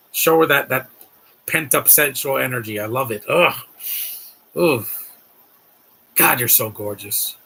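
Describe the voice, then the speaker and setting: A man's voice: mid-range voice, vocal fry, sharp tone, slight background noise. A man doing casual live-stream commentary on a film, gushing and rambling as he talks to his chat.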